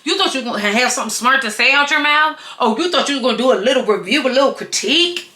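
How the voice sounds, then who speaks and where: A woman's voice: high voice, lively intonation, fast, pushed and bright, roomy sound. A young woman doing a casual vlog wig review, sassy and dramatic, swearing and laughing often. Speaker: beauty vlogger reviewing a wig.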